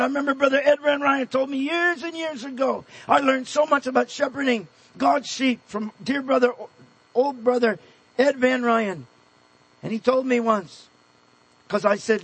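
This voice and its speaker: A man with a very high, husky voice preaches an earnest sermon. He presses his points with rising emphasis, then sinks to a soft hush for tender moments. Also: normal speed, poor audio.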